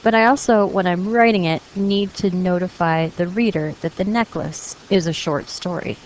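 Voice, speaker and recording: A woman's voice: lowish voice, moderate pace, a little hiss or hum, rough recording. A woman teacher explaining punctuation rules to her class in a patient, encouraging way, reading example sentences aloud. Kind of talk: classroom grammar lesson.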